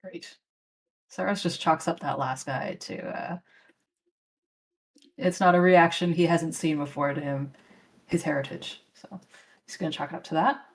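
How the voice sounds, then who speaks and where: A woman at the table as a player, telling the game master what her character does. Her voice sits a little low for a woman. She thinks aloud as she goes, hedging and trailing off with ums. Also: measured pace, pauses often. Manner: tentative, thinking aloud with fillers. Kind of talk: casual tabletop game play.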